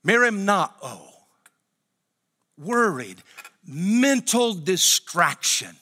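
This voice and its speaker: A man delivers a sermon in a church, his voice bright and forceful. He preaches with an emphatic, repeating cadence. A long reverb from the hall trails after each phrase. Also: high voice. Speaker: pastor. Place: church sanctuary.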